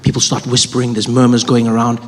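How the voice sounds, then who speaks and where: A man telling a story on a stand-up stage, animated and acting out voices. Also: mid-range voice, fast talker. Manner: animated, acts out other voices. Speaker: stand-up comedian. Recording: stage with long reverb, faint ambience.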